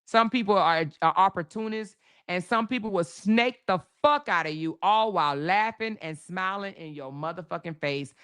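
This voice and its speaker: A woman's voice: lowish voice, normal speed, a bit bright, clear, resonant tone. A woman hosting a livestream, ranting to her viewers in casual, heavily profane commentary. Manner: heated and profane, addressing viewers directly. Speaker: livestream host.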